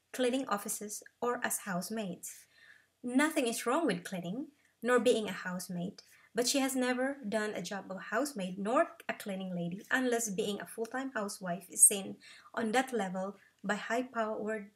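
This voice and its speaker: A woman reading aloud from her own memoir in an unhurried, measured way. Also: fairly high pitch.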